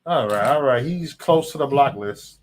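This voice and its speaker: A man's voice: medium pitch, expressive, moderate pace. A man hosting a live stream, ranting profanely at chat trolls in a loose, mocking way. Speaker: livestream host.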